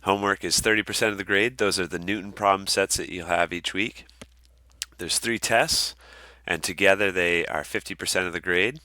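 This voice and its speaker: Low bright-toned man, dry close sound. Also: normal speed, no echo. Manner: relaxed, many ums and uhs, friendly asides. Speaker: course instructor. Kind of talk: casual recorded course walkthrough.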